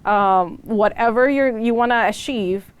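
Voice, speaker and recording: A woman's voice: fairly high pitch, a little slow, clean tone. Encouraging woman interview host. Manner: supportive, encouraging. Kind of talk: interview conversation.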